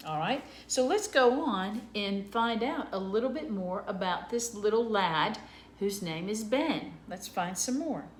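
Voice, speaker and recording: A woman teacher sounding out letters slowly and patiently for young children in an early reading lesson. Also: mid-range voice, expressive, reverberant, slight background noise.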